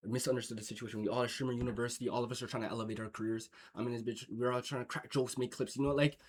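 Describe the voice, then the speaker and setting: A man's voice: medium pitch, steady tone, very fast, slight background noise. A young man from Jamaica giving casual, slang-heavy reaction commentary, swearing and rambling with lots of filler. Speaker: streamer reacting to a clip.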